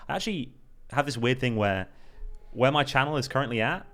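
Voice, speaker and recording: A man's voice: mid-range voice, animated, brisk, a bit bright. A young British man, a card-counting guest, telling stories in an easygoing, self-deprecating way on a casual podcast. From United Kingdom.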